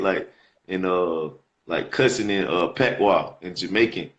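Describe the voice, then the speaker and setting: A man's voice: fairly low pitch, a little fast. A man preaching casually over scripture readings in a slangy way, often repeating words as he goes.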